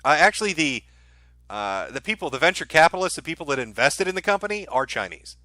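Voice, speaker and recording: A man's voice: on the high side, big pitch swings, fast, bright, forceful tone, no room sound. A man streaming casually, reading out viewer messages and answering with dry, sarcastic asides. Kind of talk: casual livestream commentary.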